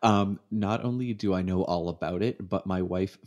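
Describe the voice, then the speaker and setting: A man's voice: deep voice, moderate pace, a little mellow. A Canadian man co-hosting a podcast, teasing his partner in casual chat. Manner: joking and teasing. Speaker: podcast co-host.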